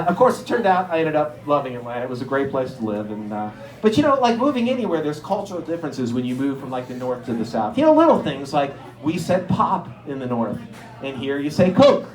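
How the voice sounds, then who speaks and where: A middle-aged man from Erie, Pennsylvania, telling stand-up stories and acting out the people in them with sudden jumps in pitch. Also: a little fast, roomy sound, low-quality recording. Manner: animated, acts out characters with jumps in pitch. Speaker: stand-up comedian. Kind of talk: stand-up storytelling.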